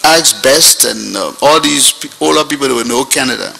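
An older man, telling a history story with animated swings in pitch and pace and frequent restarts. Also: brisk, gravelly, a little hiss or hum, rough recording. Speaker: reverend recounting history.

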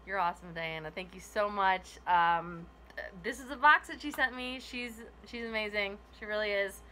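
A woman's voice: mid-range voice, normal speed, sharp tone, a little hiss or hum. A woman in a casual unboxing vlog, gushing over gifts with lots of laughs and gasps. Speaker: YouTuber opening a gift box.

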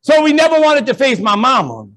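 High-voiced animated priest preaching. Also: male voice, a little fast. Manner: animated, preacherly storytelling with acted-out quotes. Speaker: priest and keynote speaker. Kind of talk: storytelling conference keynote. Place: large conference ballroom.

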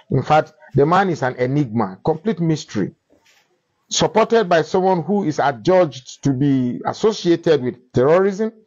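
Male pastor, mid-pitched, grave and measured, muffled low-fi recording. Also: darkish tone. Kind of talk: preaching political address. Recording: dull lo-fi clip.

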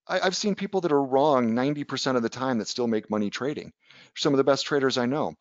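This fast-talking man has a mid-range voice, recorded without echo but with the highs cut off. A trading educator in a casual webinar, he speaks conversationally, tells anecdotes, and tags his points with "right?"

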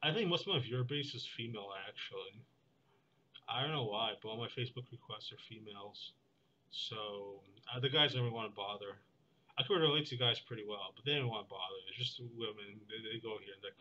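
A young man talking in a meandering, deadpan vlog monologue, full of fillers and restarts. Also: on the low side, fast talker, dull audio, a little hiss or hum. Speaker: vlogger. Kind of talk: rambling monologue.

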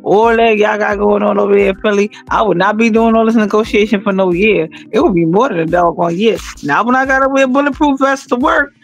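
A woman hosts a casual commentary vlog at an ordinary middle pitch, speaking to her audience in an emphatic, slangy, animated way. Faint music plays softly behind her voice. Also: fairly quick, hardly any pauses. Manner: animated, emphatic and slangy, talking straight to viewers. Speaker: channel host and news commentator.

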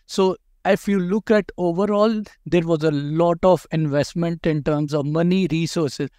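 A man's voice: a little high, steady tone, measured pace, a little mellow, smooth, no echo, studio quality. A man hosting a conversational interview, asking questions and giving direct advice, often repeating words for emphasis. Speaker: host interviewing a dental school applicant.

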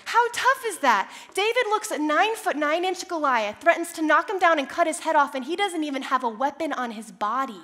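A woman's voice: high-pitched, lively intonation, brisk, few pauses, bright, forceful tone. A woman preaching a sermon, telling Bible stories in a conversational way and building to passionate, repeated declarations. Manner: storytelling, conversational asides.

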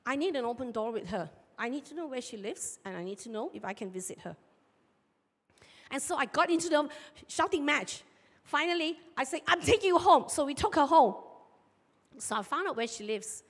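Woman pastor, high voice, long church reverb, animated storytelling sermon. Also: moderate pace. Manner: animated storyteller, acts out shouted market dialogue. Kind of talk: sermon with personal stories. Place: church sanctuary.

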